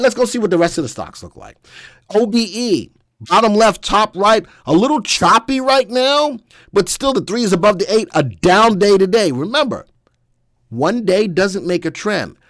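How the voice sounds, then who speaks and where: A man hosting a live stock analysis webcast, walking viewers through charts with energetic, folksy commentary. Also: high voice, normal speed, dry recording, studio quality. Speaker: stock market analysis host.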